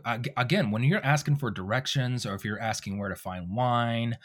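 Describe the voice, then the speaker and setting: In a relaxed interview, a low-voiced man who works as a voice actor shares animated studio anecdotes, voicing the quoted lines as he goes.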